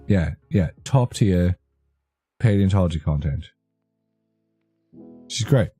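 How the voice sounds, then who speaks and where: A man's voice: low voice, animated, takes it slowly, mellow. A young man chatting casually with his live-stream audience, rambling and joking, easily amused. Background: faint background music.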